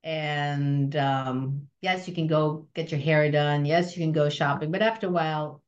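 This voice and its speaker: A woman guest on an interview podcast, telling personal stories in a lively way and acting out the voices of the people in them, with frequent restarts. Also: sits low, measured pace, highs cut off. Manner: animated, acts out voices in anecdotes, many restarts. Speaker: film company president, guest. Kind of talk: conversational storytelling.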